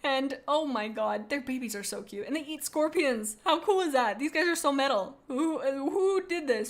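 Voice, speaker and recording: Excitable young woman streamer, bright voice. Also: fairly high pitch. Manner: rambling and excitable, gushing over animals. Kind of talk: casual livestream chat.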